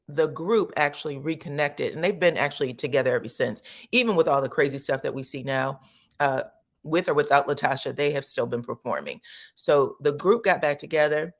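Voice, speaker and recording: A woman hosting a casual gossip commentary, chatty and animated, tagging her points with "okay?" and acting out quotes in sudden high voices. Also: brisk. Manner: chatty and animated, peppers speech with "okay?" and "child"; acts out quotes with sudden high pitch jumps. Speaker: commentary channel host.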